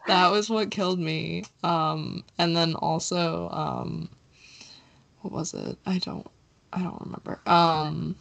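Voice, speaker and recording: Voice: mid-range voice, sing-song, slow, creaky, a bit bright. A podcast co-host chatting casually about a film, with many fillers and frequent giggles.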